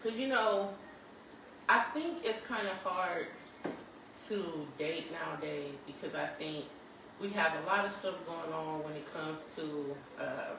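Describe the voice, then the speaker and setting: A podcast co-host with a mid-range voice, thoughtful and measured, pausing often to think. The voice comes from far off the mic in a very echoey, noisy room. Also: medium pitch. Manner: thoughtful, measured, hesitant fillers. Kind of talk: casual chat.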